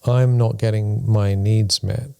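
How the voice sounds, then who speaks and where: A man's voice: fairly low pitch, steady tone, slow, vocal fry, warm tone, clear, resonant tone. A man co-hosting a spiritual discussion podcast, talking things through thoughtfully and using playful examples. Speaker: podcast co-host.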